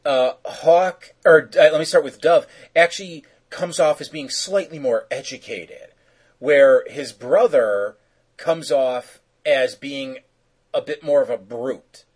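Podcast co-host, man, husky voice, loose rambling recap. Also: medium pitch, takes it slowly, poor audio. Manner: rambling, joking, filler-heavy. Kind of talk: casual chat, episode recap.

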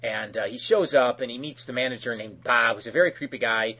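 A man's voice: medium pitch, a little fast, sharp tone. A man casually recapping a cartoon episode as podcast host, rambling with many fillers.

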